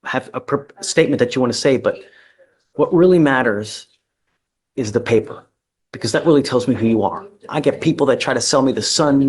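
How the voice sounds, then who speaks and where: A judge on the bench, a man with a husky, breathy edge to his mid-range voice. He speaks bluntly and directly, laying out the rules of a courtroom bail hearing. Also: mid-range voice.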